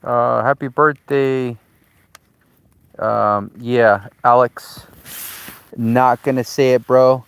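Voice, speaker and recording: An easygoing man chats with viewers from beside a campfire outside a remote cabin. He talks casually to his dog and answers comments as he goes, with an ordinary voice that is neither high nor low. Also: fairly even intonation, extremely slow, gravelly, pauses often, smooth, no room sound. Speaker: vlogger. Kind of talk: casual live-stream chat.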